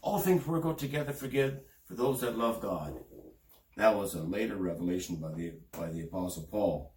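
A man's voice: normal speed, darkish tone, recorded from a distance, a little hiss or hum. A man preaching a sermon, reading scripture aloud in an earnest way and stressing key words. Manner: earnest, reads scripture aloud and rises in pitch for emphasis. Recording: roomy, from off the mic.

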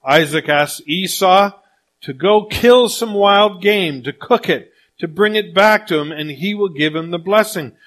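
Male preacher, slightly high pitch, lively sermon storyteller. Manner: animated storytelling, speeds up and slows down. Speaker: pastor.

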